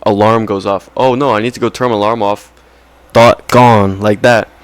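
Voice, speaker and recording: Rambling young man, low dry voice. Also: fairly even intonation, normal speed, clean tone, no echo. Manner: rambling, slangy, self-interrupting with "like" and "right?". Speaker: vlogger. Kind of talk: casual monologue to camera.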